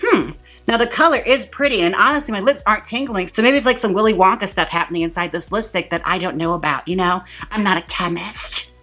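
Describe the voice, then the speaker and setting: Woman, beauty vlogger, playful mock-dramatic gushing, bright voice, close mic. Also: medium pitch, fast. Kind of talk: comedic makeup review vlog.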